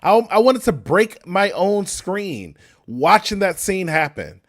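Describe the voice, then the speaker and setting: A man's voice: high voice, very animated, slow, fairly bright tone. A young man hosting a movie reaction video, talking to his viewers in casual commentary, exasperated and swearing often.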